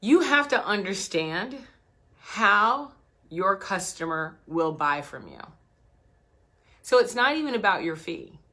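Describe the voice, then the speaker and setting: A woman's voice: mid-range voice, slow pace. A woman business coach telling a story straight to camera, acting out both sides of the conversations as she goes. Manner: animated storytelling, acts out dialogue. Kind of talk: direct-to-camera business talk.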